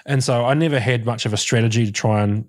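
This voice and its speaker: A man's voice: medium pitch, fast, darkish tone. A middle-aged man, a guest on a podcast, telling his story reflectively and leaning on a lot of "you know". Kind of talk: casual interview chat.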